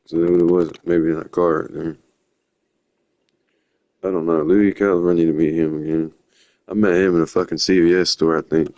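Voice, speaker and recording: Low-voiced rambling young man. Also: level tone, moderate pace, pauses often, a little mellow, dry recording, muffled recording. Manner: rambling, slangy, drifting storytelling. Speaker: livestreamer. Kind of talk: rambling live-stream chat.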